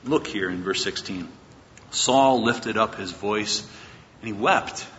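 A male pastor tells a Bible story from the pulpit in a relaxed, conversational way, slipping into the characters' words as he goes. His voice rings with a long reverb in a church hall. The recording is dull and lo-fi, with a faint rumble underneath. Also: slow. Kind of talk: sermon.

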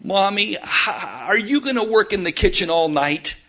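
A man's voice: high-pitched, expressive, moderate pace, bright, forceful tone, muffled recording, pitched above the performer's own voice, full character voice. A man putting on a pleading little girl.

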